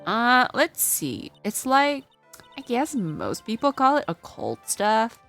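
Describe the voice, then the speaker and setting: A woman's voice: fairly high pitch, huge pitch swings, slow pace, fairly bright tone, soft background music, voice pushed up, exaggerated voice. Woman doing a ditzy valley-girl witness. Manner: says "like" constantly, hesitant. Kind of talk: reading game dialogue aloud.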